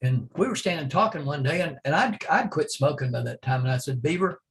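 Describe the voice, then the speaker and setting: Older guy from oklahoma telling old racing stories, kinda high voice, rambles and chuckles a lot. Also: lively intonation, brisk, hardly any pauses, fairly bright tone, slight background noise. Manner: rambling anecdotes, chuckling often. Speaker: interview guest, retired drag racer. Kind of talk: casual storytelling.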